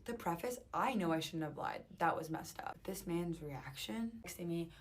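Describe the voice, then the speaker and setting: Young woman with a lowish voice telling a story. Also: normal speed. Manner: animated, dramatic storytelling. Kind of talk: casual storytime.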